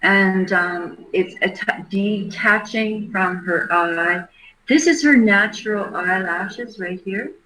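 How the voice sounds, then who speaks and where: A middle-aged woman hosting a livestream, giving a halting, earnest case commentary. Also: mid-range voice, pushed and bright. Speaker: livestream host. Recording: roomy echo.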